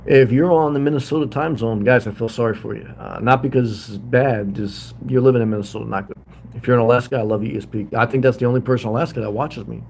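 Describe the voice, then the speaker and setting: A man's voice: medium pitch, fast, a little mellow, a little hiss or hum. Rambling man streaming live from a hotel. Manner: rambling, talks to viewers by name. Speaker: livestream host living in a hotel. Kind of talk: casual livestream chat reading comments. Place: hotel room.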